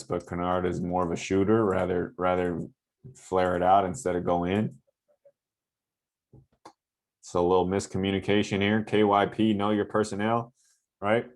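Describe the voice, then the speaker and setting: A low-voiced man who trains basketball players breaks down game film in a loose, conversational way. He gets animated over good plays and keeps checking in with the listener. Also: normal speed, pauses often. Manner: animated, coaching asides with frequent "right?". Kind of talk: casual film-breakdown commentary.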